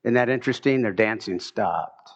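A man's voice: lowish voice, normal speed. A man preaching a sermon, building to emphatic bursts as he retells scripture stories. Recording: muffled, dull lo-fi sound.

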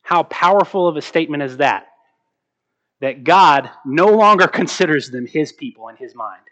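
A man preaching a sermon as pastor, slowing down to stress key words and asking rhetorical questions. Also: a little high, animated, a bit bright. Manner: asks the congregation rhetorical questions.

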